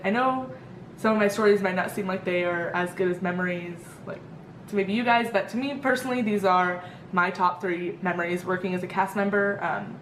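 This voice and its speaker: Young woman vlogger, upbeat chatty storyteller, echoey room with faint noise. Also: mid-range voice. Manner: chatty, upbeat, many fillers, acts out quoted voices brightly. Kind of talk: casual storytelling. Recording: roomy echo with faint background noise.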